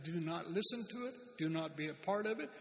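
A man preaching a sermon as a pastor, animated and emphatic, with sudden loud bursts and speech. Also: on the high side, fairly quick. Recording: long hall reverb.

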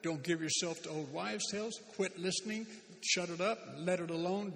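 A man preaching a sermon as a pastor, animated and emphatic, with sudden loud bursts and speech. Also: high voice, moderate pace, gravelly. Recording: long hall reverb.

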